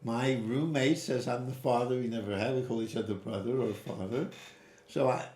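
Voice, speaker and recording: A man giving interview answers as a storyteller, animated, with sudden rises in pitch and quick asides. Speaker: guest. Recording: roomy echo.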